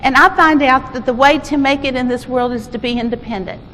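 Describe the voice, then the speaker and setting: A woman's voice: high-pitched, brisk, a bit bright. A patronizing elderly man lectures about self-reliance in a raised voice, as a woman acts him out. The delivery rings through an echoey hall with faint noise behind. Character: stern older man preaching self-reliance.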